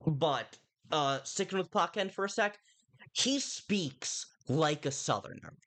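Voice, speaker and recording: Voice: medium pitch, expressive, takes it slowly, a bit bright. A livestreamer giving casual spoken commentary on a film, rambling, often breaking off mid-sentence to restart, and addressing viewers in chat directly. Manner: rambling, with frequent self-interruptions and restarts.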